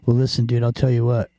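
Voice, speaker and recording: A man's voice: mid-range voice, dark tone, dry recording. A man hosting a podcast in casual chat, rambling and joking with plenty of swearing. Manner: rambling, profane, jokey. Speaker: podcast host.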